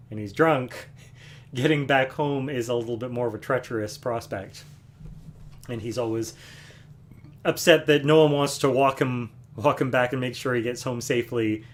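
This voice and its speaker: A man hosting a music livestream from home, casually explaining a song between numbers, relaxed and rambling with fillers. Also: medium pitch, normal speed. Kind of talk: casual chat between songs. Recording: guitar playing loudly behind.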